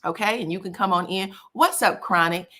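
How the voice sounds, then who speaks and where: Woman, gossip stream host, bright forceful voice, chatty and exclamatory, reads viewer comments. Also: mid-range voice, brisk. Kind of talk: casual live-stream gossip chat.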